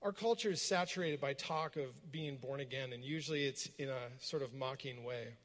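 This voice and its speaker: A man's voice: mid-range voice, moderate pace, a bit bright, in a large hall. A man preaching a sermon to a congregation, retelling a story in a reflective way and asking many rhetorical questions. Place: room with a gathered congregation.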